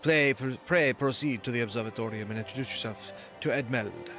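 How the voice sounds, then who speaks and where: A man's voice: mid-range voice, fairly quick, over music, close to an everyday voice. A man voicing haughty in-game noblemen with a put-on French accent, reading their lines pompously. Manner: pompous, theatrical dialogue reading.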